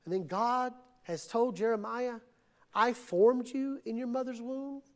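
A middle-aged man preaching a sermon as pastor, swinging between quiet reflection and impassioned, acted-out cries to God. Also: very high voice, steady tone, measured pace. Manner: preaching with rising, impassioned outbursts and acted-out prayers.

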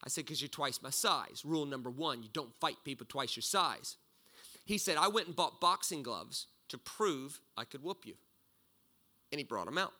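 A middle-aged man preaching a sermon, telling a story with loud bursts and low asides. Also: lively intonation, moderate pace. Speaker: pastor.

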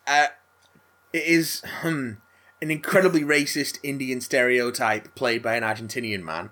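A man recapping a film in casual chat, rambling with halting restarts and frequent laughs. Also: medium pitch, steady tone, bright, forceful tone. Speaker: podcast co-host recapping a film.

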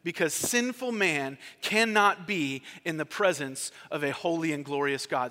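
A man's voice: on the high side, measured pace, few pauses, pushed and bright, in a large hall. A man preaching a sermon as pastor, talking in a conversational way and asking his congregation questions.

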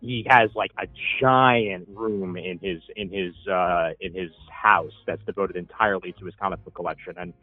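A man's voice: sits low, fairly even intonation, normal speed, few pauses, dry recording. A man calling in to a podcast, friendly and rambling, stammering on his starts. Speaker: caller. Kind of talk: casual phone-in chat. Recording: tinny phone line.

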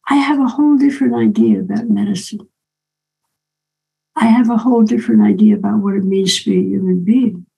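An older woman telling a personal story in a reflective way, often pausing and adding "right?" asides. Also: on the high side, vocal fry, warm tone, husky, rough recording.

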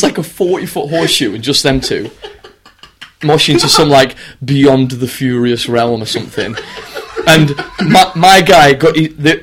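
A young man in casual chat, rambling through sweary tour stories and laughing as he goes. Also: a little high. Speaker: touring band musician telling stories. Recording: crowd noise behind.

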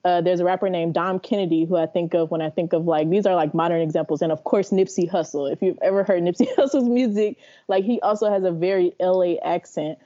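Low, mellow-voiced woman chatting. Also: quick pace, few pauses, lo-fi sound. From San Francisco Bay Area. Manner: animated, laughing, talks in long runs. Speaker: podcast guest. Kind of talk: casual chat.

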